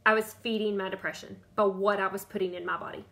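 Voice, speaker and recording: A woman's voice: medium pitch, steady tone, fast talker, gravelly, pushed and bright. A woman in her thirties or forties, talking on a live stream as a diet coach, chatty and repeating herself, calling out viewers by name. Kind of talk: Facebook Live talk.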